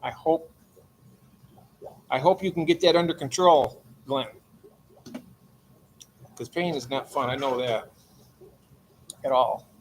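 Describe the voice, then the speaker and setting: Late at night, an older man livestreams from his aquarium room, chatting and warmly greeting viewers by name. He speaks slowly in a mid-range voice, leaving long pauses. There's a faint hiss or hum in the audio.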